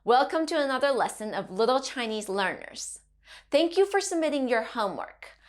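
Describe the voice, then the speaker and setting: Woman teacher for a kids' language lesson, bright and bouncy, slow and clear. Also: high voice, very animated. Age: adult parent. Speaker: Mandarin teacher.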